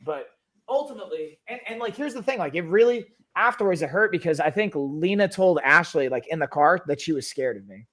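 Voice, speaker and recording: A man's voice: fairly high pitch, expressive, fairly quick, fairly bright tone. A man hosting a casual podcast, telling a personal story in a rambling way full of "like" and frequent restarts. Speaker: podcast host.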